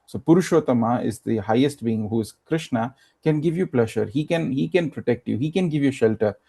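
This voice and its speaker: A man's voice: mid-range voice, animated, fairly quick, gravelly, warm tone, breathy edge. A man giving a sermon, retelling a scripture story with many fillers and acting out the quoted lines. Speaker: preacher.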